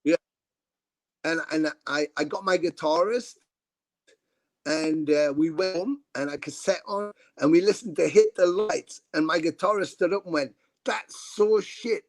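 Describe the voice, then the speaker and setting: A man's voice: fairly high pitch, normal speed, no echo. A middle-aged man as a guest musician, telling rambling anecdotes over a video call, with lots of fillers and casual swearing. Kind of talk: casual interview storytelling.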